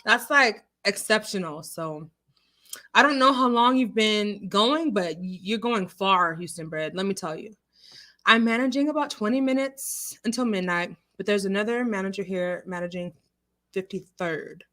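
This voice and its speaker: Her mid-range voice moves at a moderate pace as she hosts a laid-back live stream. She's animated and talkative, laughing often and responding directly to viewers' comments in chat.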